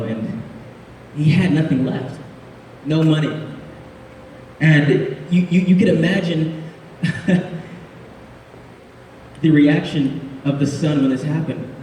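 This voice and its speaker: A man preaching a casual, jokey sermon, laughing often and adding quick asides. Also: on the high side, mellow, slight background noise. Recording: echoey hall, speaker far from mic.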